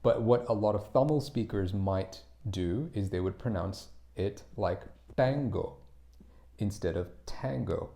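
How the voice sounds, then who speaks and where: A man teaching English pronunciation on a live stream, explaining slowly and patiently, demonstrating individual sounds and answering viewers' chat. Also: lowish voice, creaky, dark tone.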